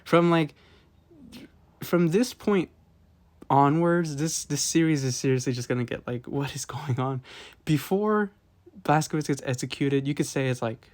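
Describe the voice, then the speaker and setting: A man with a slightly high voice rambling casually about video games. He leans on fillers and restarts, and chuckles often as he talks. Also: measured pace, a little mellow. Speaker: gaming video host. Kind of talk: casual rambling game review.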